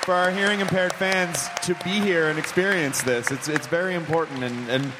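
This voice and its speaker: A man's voice: a little high, normal speed, in a large hall, a crowd in the background, noisy background. A man from the United States hosting a live podcast interview on a theater stage, playful and jokey. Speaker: podcast host. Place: theater stage before an audience.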